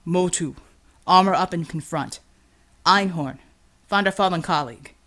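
Lady doing tough team leader guy, clipped orders, lowish. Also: normal speed, fairly bright tone, lightly acted. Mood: commanding. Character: stern male squad commander, calm under fire.

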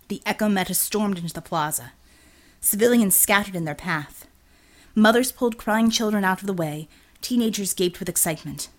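A woman narrating an audiobook with a steady, expressive reading. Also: mid-range voice. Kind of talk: scripted narration.

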